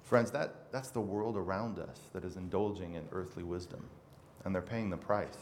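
A pastor delivers a sermon, earnestly reading scripture aloud with emphasis in a low voice at a moderate pace. The recording has the reverb of a hall and some faint noise.

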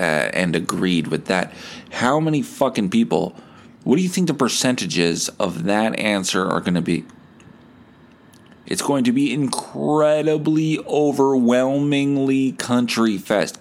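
Low-voiced, profane man. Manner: profane, rambling, stammering. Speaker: podcast host. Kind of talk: solo podcast rant.

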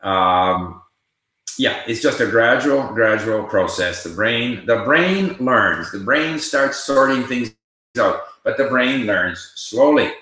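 Older male host answering viewer questions live; forceful, bright tone. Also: medium pitch, expressive, slow. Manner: reads viewer questions aloud and answers conversationally. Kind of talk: casual livestream Q&A. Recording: very echoey room.

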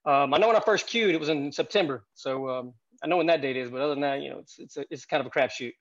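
A man's voice: a little high, quick pace, lo-fi sound. A man in his thirties telling stories as a podcast guest, chatty and rambling with lots of fillers. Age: 30s. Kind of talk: casual podcast storytelling.

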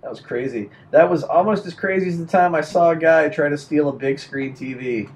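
A man's voice: fairly high pitch, fairly quick. A young adult man chatting casually and telling a rambling story, full of restarts and fillers.

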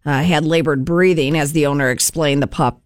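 A man's voice: a little high, steady tone, normal speed, clean tone, no echo, studio quality. A man hosting a casual talk show, reading a news item aloud and chatting about it. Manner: chatty, reads news items then riffs. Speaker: radio show host reading news stories.

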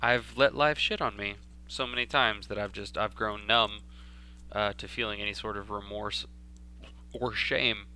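A young man from Texas tells a long story among friends, animated and full of cursing. His voice is bright and forceful. A faint hum sits under the recording. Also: on the low side, measured pace. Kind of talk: casual storytelling.

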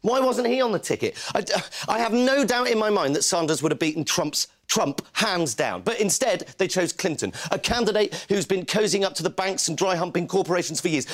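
An actor playing a furious, foul-mouthed news reporter in a comedy sketch, ranting to colleagues. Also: male voice, high voice. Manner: swearing angry rant to colleagues.

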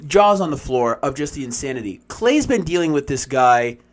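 A man telling a story in casual chat, animated and full of fillers like "like". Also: mid-range voice, normal speed.

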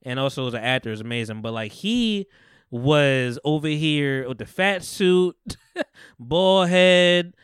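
A man with a somewhat high, smooth voice talks through a podcast in casual chat. He rambles and gets animated, swearing offhand and acting out quotes. The sound is dry and close. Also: a little slow, dry recording. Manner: rambling, animated retelling with profanity and acted-out quotes. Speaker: podcast host.

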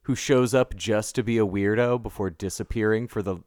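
A man's voice: on the low side, steady tone, moderate pace, a little mellow, dry recording, studio quality. A man in casual movie-review chat, sarcastic and laughing often as he mocks the characters.

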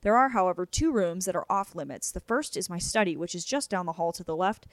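A woman reading the part of a quirky, eccentric young Irish gentleman with an Irish accent, in a playful, theatrical manner. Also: sits high, expressive, quick pace, no room sound. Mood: instructing.

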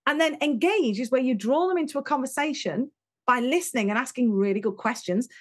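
A British woman with a high, bright-sounding voice speaks as an interview guest. She tells stories with energy and emphasis, slipping into the voices of the people she quotes. The tone is conversational rather than scripted. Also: a little fast. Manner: animated, emphatic storyteller who acts out quotes.

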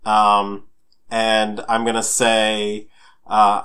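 Male player, slow and smooth, deliberate, hesitant. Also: mid-range voice, fairly bright tone. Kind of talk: tabletop role-play chat.

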